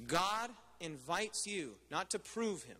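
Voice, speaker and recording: A man preaches in a high, ringing voice. He talks with his congregation as much as to them and keeps checking that they follow. His sermon echoes around a large hall. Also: sing-song, takes it slowly, bright, forceful tone. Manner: conversational preaching, asks the crowd questions. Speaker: pastor.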